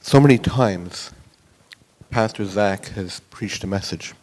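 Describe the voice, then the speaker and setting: A man's voice: lowish voice, slow pace, darkish tone. A man speaking earnestly to a church congregation, giving a testimony.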